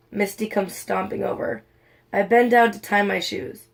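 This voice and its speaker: A young woman casually reads a fan-fiction story aloud like an audiobook reader, voicing every part and giving the characters' lines livelier voices. Her voice is mid-range, a little slow, and creaky.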